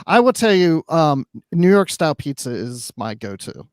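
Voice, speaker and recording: Chatty guy cohost, pitch bouncing all over, dry mic. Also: big pitch swings, moderate pace, clean tone, no room sound. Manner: chatty, laughs between thoughts. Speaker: podcast co-host. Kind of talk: casual chat.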